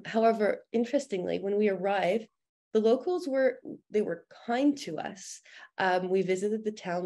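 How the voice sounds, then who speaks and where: A woman's voice: lowish voice, a little mellow. A young woman presenting at a film discussion, telling a family story earnestly, with frequent "um" fillers. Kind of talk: personal talk at a presentation.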